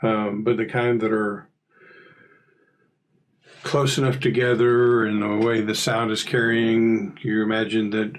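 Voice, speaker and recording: A man narrating as game master in a relaxed, rambling way. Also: lowish voice, a little slow, long pauses, rough recording. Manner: relaxed, rambling, filler-heavy.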